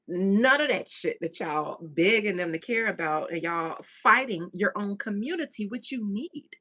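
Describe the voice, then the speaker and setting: A woman's voice: medium pitch, pushed and bright. A woman host giving a casual commentary rant to her viewers, sarcastic and slangy, leaning hard on key words. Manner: emphatic, sarcastic, drawn-out stresses on key words; loose slangy speech with mild profanity. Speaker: channel host.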